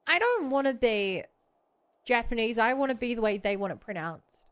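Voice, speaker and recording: Woman game streamer, playful chatty talk, slightly higher voice. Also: expressive, moderate pace, a bit bright, smooth. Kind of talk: casual live-stream chat.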